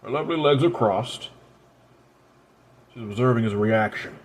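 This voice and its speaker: A man reads a dark tale aloud at a mid pitch, in a quiet, low-key style of narration. Faint noise stays in the background of the recording. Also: normal speed. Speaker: audiobook narrator. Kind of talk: story narration.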